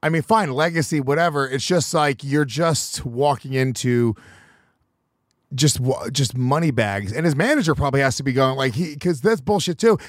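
A man's voice: mid-range voice, normal speed, no echo, clean studio sound. A man hosting a podcast in casual banter, rambling and swearing as he restarts his thoughts. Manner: profane, rambling, restarts often. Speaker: podcast host.

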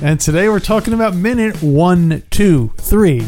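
A man's voice: sits high, expressive, normal speed, a little mellow, faint music behind. A man co-hosting a podcast in a jokey, playful casual chat, summarizing scenes from a film. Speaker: podcast co-host.

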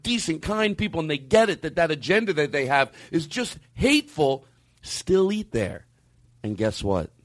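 A man's voice: mid-range voice, no room sound. A middle-aged man hosting a comedy podcast, telling rambling, profane, self-mocking stories. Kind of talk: rambling comic monologue.

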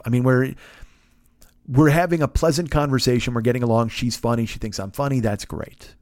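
A man in his fifties, a podcast host, telling a long story in an animated, profane, self-mocking way. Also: mid-range voice, moderate pace, no room sound, clean studio sound. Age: 50s. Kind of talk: storytelling monologue.

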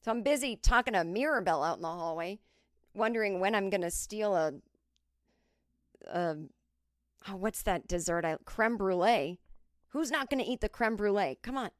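A woman's voice: mid-range voice, moderate pace, pauses often, dry recording. Woman, 40s, solo comic storyteller, chatty, close dry sound. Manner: chatty, animated impressions of others. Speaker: podcast host.

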